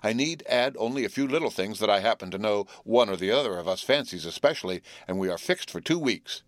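Steady, earnest teenage boy leader in a storybook, voiced by a man. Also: on the low side, quick pace, dry recording, natural voice. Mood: explaining. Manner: earnest, explaining.

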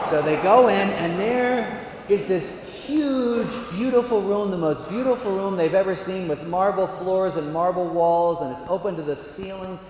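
A man telling a long, animated joke to an audience, slowing down for the punchlines. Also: on the high side. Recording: echoey hall, faint ambience.

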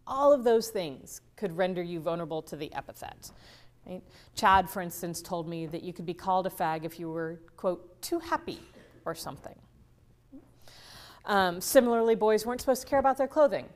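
A woman with a lowish voice delivers an academic conference lecture at normal speed. She keeps checking in with listeners through tag questions, and she often restarts sentences and repeats words partway through.

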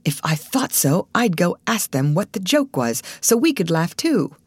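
A woman's voice: fairly low pitch, sing-song, normal speed, a little mellow, husky, dry recording. Woman voicing a bold forthright young man. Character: bold young male musician.

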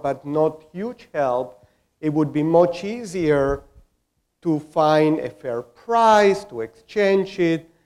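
A man's voice: on the high side, a little mellow. A man speaking as a panelist in a discussion, explaining his point with everyday examples.

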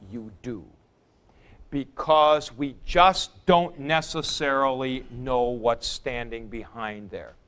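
A man's voice: a little high, a bit bright, clear, resonant tone. A man teaching a Greek grammar class, chanting noun forms aloud and taking questions from students in the room. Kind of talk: classroom lecture.

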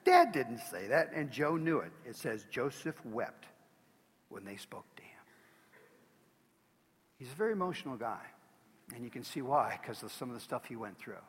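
A man's voice: medium pitch, sing-song, fairly quick, breathy edge, in a large hall. A man preaching as a pastor, earnest and emphatic, pleading with his listeners. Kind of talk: sermon.

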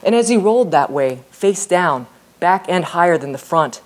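A woman author reading her novel aloud in a steady, measured storytelling voice. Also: fairly low pitch.

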